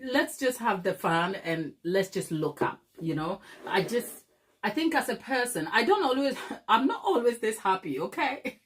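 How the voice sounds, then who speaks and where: A woman's voice: medium pitch, sing-song, normal speed. A middle-aged woman from Africa, hosting a baking channel, who chats casually with viewers, laughs often and calls them darling. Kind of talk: casual livestream chat with viewers.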